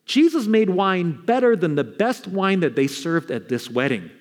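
A male pastor preaching a sermon, animated, dropping low for solemn lines and acting out quoted voices. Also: moderate pace, hardly any pauses. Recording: reverberant hall.

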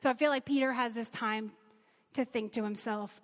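Female Bible teacher, conversational and earnest, slightly high voice. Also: steady tone, normal speed, long reverb tail. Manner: earnest, conversational, reads scripture aloud.

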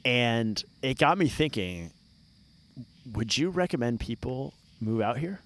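Teasing man with lively pitch. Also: a little slow. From Connecticut. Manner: teasing, asks questions. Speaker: podcast co-host. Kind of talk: casual chat.

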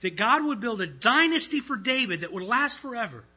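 A pastor delivers an earnest sermon in a conversational tone, his voice rising loud and then dropping almost to a hush. His voice sits high for a man and sounds very bright and edgy. It carries a husky grain throughout. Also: very animated, brisk, poor audio. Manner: earnest, conversational preaching with swings between loud and hushed. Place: church.

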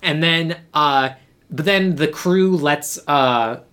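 Podcast host, casual plot recap, rambling and lively, mid-pitched voice. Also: smooth. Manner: animated storyteller, many "like"s, acts out lines in quick voices. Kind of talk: casual chat retelling an episode plot.

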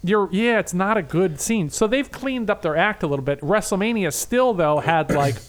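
Guy on a podcast, kinda high-pitched, gets excited telling a story, swears a lot, keeps restarting. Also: normal speed. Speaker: podcast co-host. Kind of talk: casual chat.

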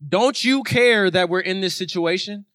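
A man's voice: sits high, moderate pace, a bit bright, dry recording. A man acting out frightened disciples caught in a storm, pleading again and again in a raised, strained voice. The sound is close and dry, with no room around it. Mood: panicked pleading. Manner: pleading, repetitive questions.

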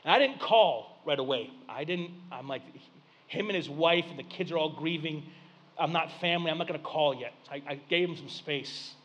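A man delivers a sermon as a pastor, his voice sitting noticeably high for a man. He talks in plain, folksy speech, stumbling over a word now and then. He swings between big, lively preaching and soft, hushed storytelling. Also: normal speed.

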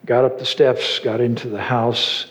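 A man's voice: mid-range voice, level tone, a little slow. A man from New Orleans preaching a sermon, telling a personal story and voicing the people in it, turning emphatic when he urges the congregation. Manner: storytelling, voicing quoted people, dropping to hushed asides; earnest, rising and emphatic when exhorting. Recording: long reverb of a large hall.

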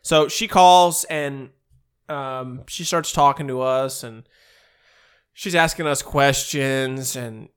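A man in his thirties tells a rambling, animated story among friends. His pitch is mid-range, and he throws in filler words. He pushes his voice way up when he acts out other people. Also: takes it slowly, smooth.

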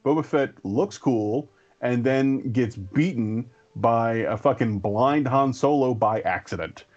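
A man co-hosting a casual geek podcast, laid-back and profane, with animated asides. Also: medium pitch, slow, muffled recording. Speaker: podcast co-host.

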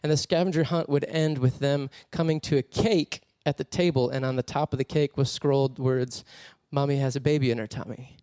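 A man preaching a sermon as a personal story, animated and laughing often as he tells it. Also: medium pitch, a little fast, hardly any pauses, no room sound, studio quality.

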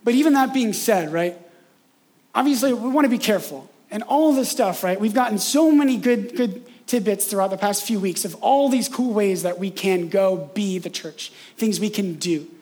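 A man preaching a sermon in a casual, conversational way, often tagging "right?" and slowing down for emphatic points. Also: high voice, darkish tone. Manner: conversational, frequent "right?" tags, acts out imagined voices. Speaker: pastor.

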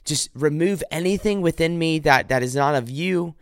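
A man hosting a devotional podcast from his living room, speaking earnestly and haltingly with frequent restarts. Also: on the high side, fairly bright tone, smooth, dry recording, studio quality. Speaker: podcast host.

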